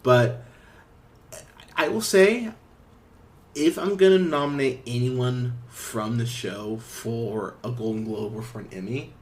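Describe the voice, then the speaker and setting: A man hosting a podcast, chatting casually about a show in a loose, rambling way. He gets animated as he goes, swears freely and laughs often, with a voice sitting at an ordinary middle pitch for a man. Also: slow pace, pauses often. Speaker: podcast host. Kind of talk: casual review chat.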